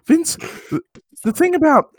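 Laid-back movie star figure, drawling, repeats himself, lively pitch, dry sound, man doing the voice. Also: unhurried, dry recording. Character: impression of a laid-back male film actor, drawling.

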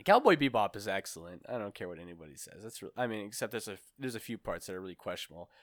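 A man's voice: lowish voice, big pitch swings, rapid-fire, no echo. A man on a casual podcast, rambling through a funny story and laughing often. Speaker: podcast co-host.

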